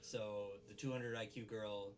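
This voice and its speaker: Low-voiced man animatedly retelling a show. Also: measured pace, distant mic. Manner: animated storyteller, acts out characters' lines. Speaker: podcast co-host. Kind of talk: casual episode recap chat.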